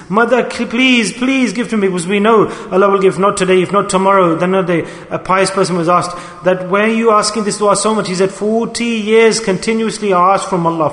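A man preaching a sermon in an impassioned, pleading way, his voice swinging between loud and soft. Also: sits high. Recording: echoey hall.

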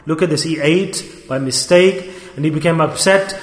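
High-voiced preacher in an echoey hall. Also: male voice. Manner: urgent, questioning, repeats phrases, rapid bursts. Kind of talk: sermon storytelling.

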